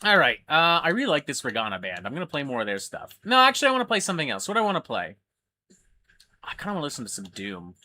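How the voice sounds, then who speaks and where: A man's voice: fairly high pitch, huge pitch swings, fast talker, pushed and bright. A man hosting a casual livestream, ranting animatedly with lots of swearing. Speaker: livestream host.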